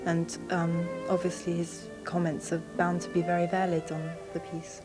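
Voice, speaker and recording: A woman gives a thoughtful interview comment in a steady, rather low voice. Her tone stays flat, and music plays clearly behind her. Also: moderate pace.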